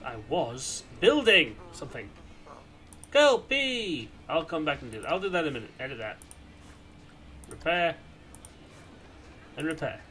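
A young man chats his way through a building game, rambling and half-talking to himself. His fairly high voice swings widely and breaks into goofy shouts. A faint hiss sits under the recording. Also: big pitch swings, unhurried, long pauses. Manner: chatty, rambling, bursts into silly shouts. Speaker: gameplay commentator. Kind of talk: casual let's-play commentary.

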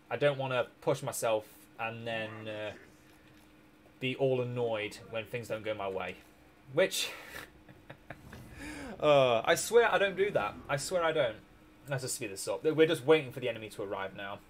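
A man's voice: mid-range voice, a little hiss or hum. A man streaming a strategy game, rambling through his moves with restarts and small chuckles while tired and hiccuping. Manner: rambling, self-correcting, chuckling. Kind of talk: casual gameplay commentary.

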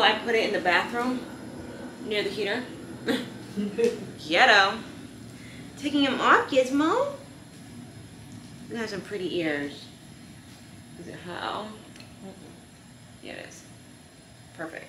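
There's a little hiss or hum under this young woman's fairly high-pitched voice as she chats to camera in an echoey room at home. A casual, chatty vlogger, she softly coaxes her dog along.

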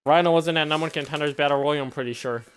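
A man's voice: fairly high pitch, fairly even intonation, rapid-fire, soft background music. A man co-hosting a gaming video, talking in casual, joking, crude banter over gameplay. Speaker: gaming channel co-host. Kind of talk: casual let's-play banter.

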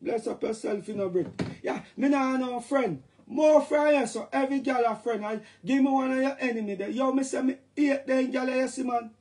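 A man's voice: very high-pitched, a little fast, darkish tone. A middle-aged man with a Jamaican accent, talking in patois on a casual, joking livestream rant.

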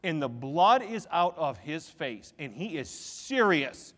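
A male pastor giving a sermon in a church, telling stories with lively swings between soft and loud. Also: fairly high pitch, in a large hall. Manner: animated storytelling, quick shifts between soft and loud. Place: church sanctuary.

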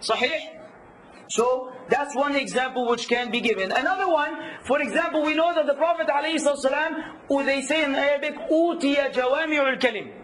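A man teaching a workshop, lively, quizzing his audience and acting out hecklers. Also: extremely high pitch, rapid-fire, a little hiss or hum, rough recording. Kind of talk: workshop lecture.

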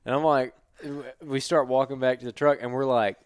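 A man's voice: mid-range voice, fairly quick, smooth, dry recording, clean studio sound. A man co-hosting a casual hunting podcast who tells stories and teases his friend. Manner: teasing, relaxed, laughs at his friend. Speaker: podcast co-host.

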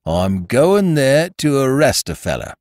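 A man voicing a stolid, severe male village constable who speaks bluntly and gruffly. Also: medium pitch, very animated, unhurried, a little mellow, dry recording, studio quality, voice pushed up. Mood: suspicious.

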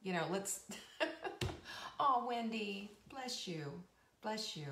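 A woman's voice: mid-range voice, animated, measured pace, fairly bright tone, slight background noise. A woman in her fifties hosting a live show, chatting in a bubbly, rambling way with frequent laughs and emphatic repeats. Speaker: host of a live cooking and wellness show. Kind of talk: casual live-stream chat. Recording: roomy echo.

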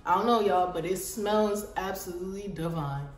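A woman's voice: on the low side, normal speed, recorded from a distance. A woman chatting animatedly and slangily to her viewers in a casual vlog. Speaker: mom vlogger. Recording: echoey room, voice a bit off-mic, light music.

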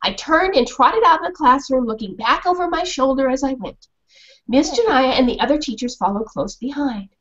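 Woman author, fairly high and lively, talks to kids over a lo-fi call. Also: normal speed. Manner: animated, questioning the children. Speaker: children's author. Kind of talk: storytelling and class discussion. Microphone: video call. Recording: dull lo-fi video call.

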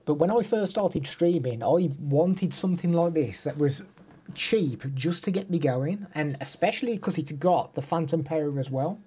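A man in casual live-stream chat, showing gear and answering his viewers. His voice is mellow and a little husky. He talks easily and laughs often. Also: a little high, animated, moderate pace.

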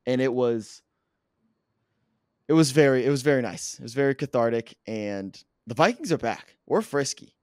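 A hoarse man who has lost his voice, co-hosting a casual podcast and bragging excitedly about his football team. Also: mid-range voice, normal speed, no echo, clean studio sound. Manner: excitable, boastful sports fan. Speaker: podcast co-host; coach. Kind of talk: casual sports chat.

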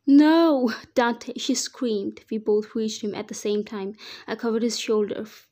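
Woman narrator, first-person fan fiction, flat, even reading voice. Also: mid-range voice, moderate pace.

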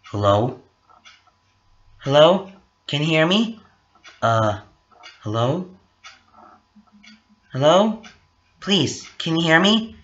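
A man's voice: on the high side, sing-song, very slow, pauses often, a bit bright, highs cut off, pitched above the performer's own voice, exaggerated voice. A man voicing a lonely young male ghost who pleads anxiously and repeats himself. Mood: pleading.

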